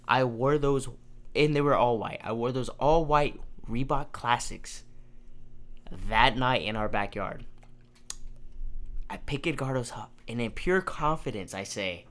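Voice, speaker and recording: A man's voice: medium pitch, unhurried. Young guy hosting a podcast, telling a wild story, swears a lot, acts out everyone's lines. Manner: animated storyteller, acts out quotes, swears freely. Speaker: podcast host. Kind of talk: casual storytelling.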